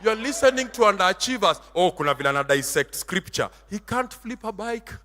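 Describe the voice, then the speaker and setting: A man preaching a sermon, emphatic and theatrical, dropping into Swahili, shouting and turning sing-song. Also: sits high, lively intonation, a little fast, long reverb tail. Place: church hall.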